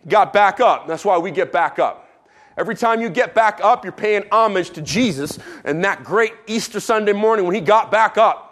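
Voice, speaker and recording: A man preaching a sermon as pastor, who drops low and quiet for emphasis and adds playful asides. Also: moderate pace.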